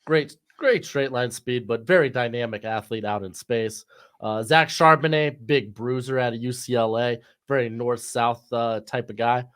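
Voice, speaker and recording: A man giving casual sports analysis in a relaxed way, with plenty of fillers. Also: mid-range voice, normal speed, clean tone. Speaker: guest co-host.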